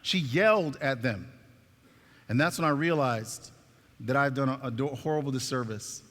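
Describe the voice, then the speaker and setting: A man giving a stage talk, telling a story in an animated way and acting out the dialogue, in a reverberant hall. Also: medium pitch, moderate pace. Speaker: speaker at a talk.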